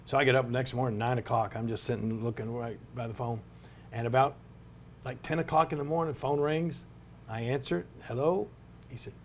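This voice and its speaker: A man's voice: medium pitch, steady tone, fairly quick, a little hiss or hum. An older man, telling a long anecdote in an interview with many restarts and asides. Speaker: interview subject, retired wrestler. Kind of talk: storytelling in an interview.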